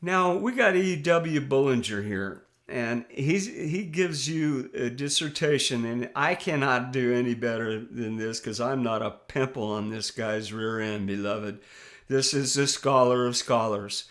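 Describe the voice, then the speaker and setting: A man's voice: medium pitch, measured pace, a bit bright. Impassioned man preaching on scripture. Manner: impassioned and scornful, addressing listeners as beloved; reads verses aloud then comments with frequent restarts. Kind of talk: scripture teaching.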